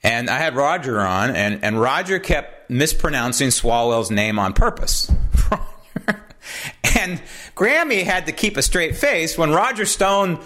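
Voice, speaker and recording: A man hosting his own talk program, giving an animated political commentary monologue, often asking "right?" and drifting into asides. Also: fairly high pitch, measured pace. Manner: digresses into anecdotes. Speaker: host.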